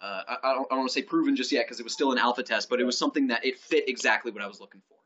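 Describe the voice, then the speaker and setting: Male gaming co-host, bright tense voice, excited plugging, lo-fi. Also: very fast. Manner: excited, pitching the channel, stumbling restarts. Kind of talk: casual game news chat. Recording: dull lo-fi sound.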